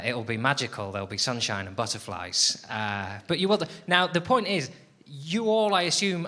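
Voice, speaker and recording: On a comedy venue stage before a live audience, a man in his late twenties performs stand-up that is wry and self-deprecating, full of rambling asides. His mid-range voice sounds bright and forceful, and the live recording is noisy.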